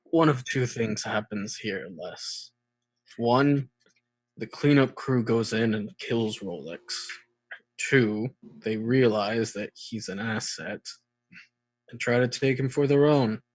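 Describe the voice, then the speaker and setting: A man's voice: medium pitch, takes it slowly, dry recording. A male tabletop player talks casually, with many fillers and laughs. The sound is dry and close. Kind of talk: tabletop game play.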